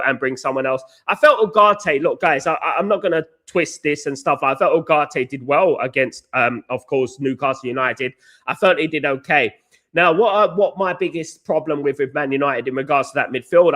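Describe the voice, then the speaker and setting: A man hosting a casual football live stream, reading out viewer comments and chatting through transfer news, his voice a little hoarse. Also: fairly high pitch, a bit bright. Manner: chatty, repeats "of course, guys", greets chat viewers by name. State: slightly hoarse. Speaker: football podcast host. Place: hotel or flat in Naples, indoors.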